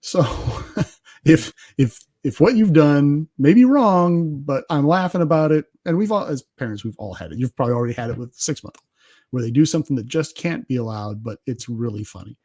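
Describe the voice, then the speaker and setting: A man's voice: fairly high pitch, expressive, brisk, dark tone. A middle-aged man, a podcast guest, telling self-deprecating family stories in a casual interview, often laughing as he talks.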